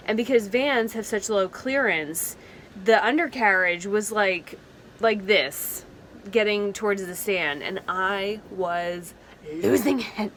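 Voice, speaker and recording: A woman's voice: medium pitch, slow pace, fairly bright tone, a little hiss or hum. A young woman vlogging outdoors at night beside a beach, frazzled and emotional, swearing and laughing nervously. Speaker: van life vlogger. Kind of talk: casual vlog.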